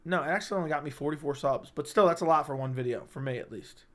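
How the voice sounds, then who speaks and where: A man hosting a casual livestream chat, talking in an animated, emphatic way, repeating himself and swearing freely. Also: fairly high pitch, quick pace. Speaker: livestream host. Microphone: studio microphone.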